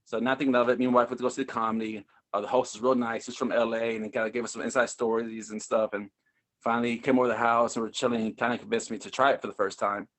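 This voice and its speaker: A man's voice: mid-range voice, level tone, racing, a bit bright. A man, a stand-up comedian, telling his story in a loose, rambling interview chat full of fillers. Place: Houston area.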